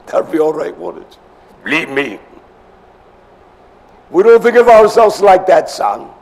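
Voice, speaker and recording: Fiery preacher man with a gravelly voice. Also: slight background noise. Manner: emphatic, swings between shouts and low murmurs; repeats phrases for emphasis. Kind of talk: sermon.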